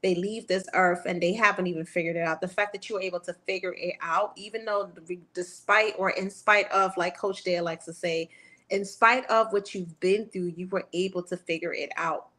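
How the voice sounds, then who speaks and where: Encouraging woman interviewer, lower voice. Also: fairly even intonation, normal speed, pushed and bright. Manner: affirming, encouraging questions. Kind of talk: casual interview chat.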